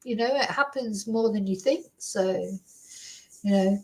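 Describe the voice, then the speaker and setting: A woman who hosts a true crime commentary channel chats casually to camera, rambling with many fillers and tag questions. Her voice is medium-pitched, unhurried, and a little mellow, and the recording is rough.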